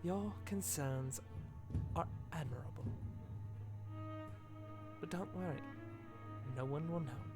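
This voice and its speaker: A man voicing a determined, coy young female student mage who talks calmly and reassuringly, with background music. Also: a little high, slow pace, long pauses, pitched above the performer's own voice.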